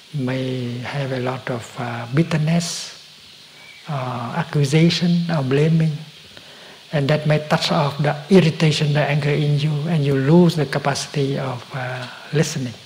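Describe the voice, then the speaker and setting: Gentle, halting man giving a dharma talk. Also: on the high side, fairly even intonation, a little hiss or hum, low-quality recording. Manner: slow, gentle, halting with many pauses and soft whispered stretches. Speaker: meditation teacher.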